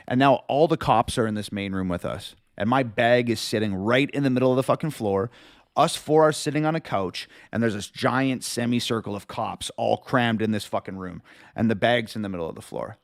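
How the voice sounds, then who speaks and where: A man's voice: medium pitch, normal speed, no room sound, clean studio sound. A man hosting a livestream, telling a story casually with heavy swearing and quoted back-and-forth. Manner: profane, animated storyteller. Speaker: livestream host.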